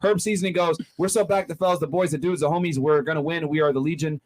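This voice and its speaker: A man's voice: on the high side, steady tone, fast, darkish tone. A man hosting a panel show, reading viewer comments and moving the talk along. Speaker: show host.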